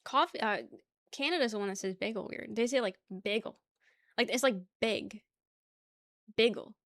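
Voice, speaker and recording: A woman's voice: fairly high pitch, brisk, fairly bright tone, no echo, studio quality. A young woman from the New area, chatting casually on a stream, rambling, laughing often and reading chat aloud. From New York area.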